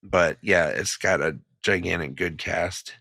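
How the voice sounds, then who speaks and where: Young guy co-hosting a podcast, real low voice but bright and crisp, dry close sound, swears a lot. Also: measured pace, no echo. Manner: casual, swears freely, laughs often. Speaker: podcast co-host. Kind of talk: casual chat.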